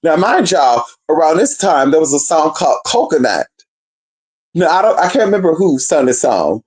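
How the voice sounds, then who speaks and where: A woman's voice: low voice, sing-song, normal speed, a little mellow. A brash, profane woman from Northern California telling a gossipy story and talking straight to her viewers. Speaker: storyteller vlogger. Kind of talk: casual storytime chat.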